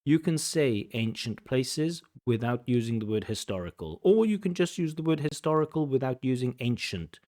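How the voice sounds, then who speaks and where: Speaking in an animated, medium-pitched, darkish voice, an IELTS examiner and teacher walks through mistakes in a speaking test. He stresses points by repeating words and slowing down, with an emphatic delivery.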